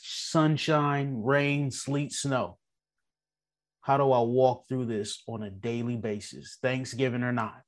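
A man chairing a recovery meeting over a video call, speaking in a heartfelt, halting way. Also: mid-range voice.

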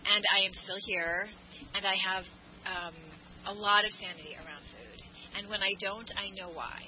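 A woman talks through her recovery at a twelve-step meeting, candid and self-mocking. She rambles with plenty of fillers and restarts. The recording is dull and lo-fi, with clear noise underneath. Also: mid-range voice, fairly even intonation, moderate pace. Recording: muffled lo-fi recording with background noise.

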